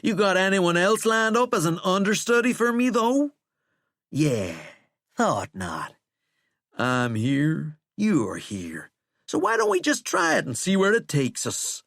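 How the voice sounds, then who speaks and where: A man's voice: high voice, wildly swooping pitch, takes it slowly, gravelly, fairly bright tone, dry recording, clean studio sound, pitched above the performer's own voice, heavily acted. Man voicing a taunting chained monster-man. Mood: wry. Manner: sardonic, coaxing, folksy. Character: shackled cursed man, wry, taunting, coaxing.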